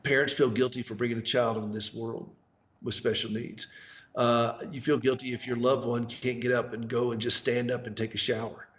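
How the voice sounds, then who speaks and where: A man's voice: mid-range voice, flat delivery, normal speed, fairly bright tone. An earnest man with a Southern US accent, his voice sounding dull and lo-fi over a remote line. He talks as an interview guest, often doubling his words to press a point. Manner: earnest, repeats words for emphasis.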